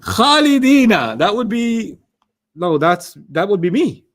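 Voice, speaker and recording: A man runs an online class in a quick, teasing way. His voice sits a little high for a man. He jokes with his students between points. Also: sing-song, fairly bright tone. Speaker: teacher.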